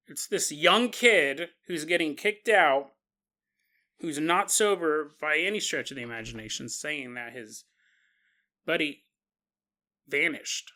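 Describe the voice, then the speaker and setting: A man with a fairly high, bright voice narrates a paranormal tale as a podcast host. He talks casually and with energy, chuckling and throwing in asides to the listener. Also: measured pace. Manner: animated, chuckling, conversational asides.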